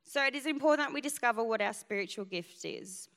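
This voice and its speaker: A woman's voice: on the high side, animated, quick pace, fairly bright tone. A woman pastor preaching a sermon, telling a personal story in an emphatic way. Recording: long hall reverb.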